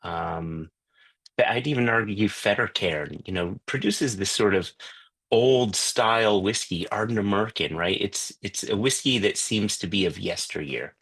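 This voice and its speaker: In an unhurried, low-ish voice with a fairly bright tone and a breathy edge, a man leads a whisky tasting over video call. The talk is easygoing, peppered with fillers and restarts.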